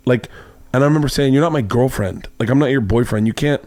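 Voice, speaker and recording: Speaking fast at a medium pitch with a darkish tone, a man hosting a podcast from his home studio rambles through a lengthy anecdote, raising his voice to act out quotes. There is no room sound.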